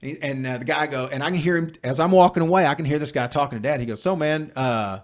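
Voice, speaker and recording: A man's voice: a little high, racing. A man, telling a long story on a casual podcast, swearing freely and acting out the other people in it. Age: 40s. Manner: profane, animated storyteller. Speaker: podcast host.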